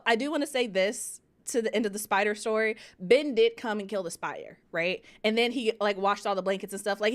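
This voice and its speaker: A woman hosting a writing livestream, chatting casually, telling animated stories and reading chat comments aloud. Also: mid-range voice. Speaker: livestream host of writing sprints.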